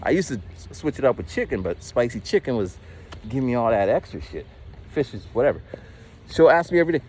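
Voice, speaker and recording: A man's voice: medium pitch, big pitch swings, fairly quick, a little mellow, slight background noise. A man in his forties casually telling a story while walking outdoors, rambling and stammering through frequent restarts. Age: 40s. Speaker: vlogger.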